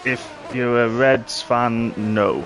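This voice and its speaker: A man's voice: mid-range voice, fairly even intonation, slow pace, vocal fry, fairly bright tone, slight background noise. Man, league host, live-stream banter, teasing, jokey announcer. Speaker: racing league host announcing team draw.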